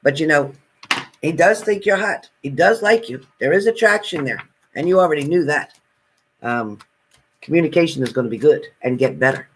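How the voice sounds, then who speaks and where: A man's voice: fairly high pitch, lively intonation, normal speed, slight background noise, rough recording. A man doing a live tarot reading, chatting and reassuring viewers by name as he goes. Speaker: tarot reader.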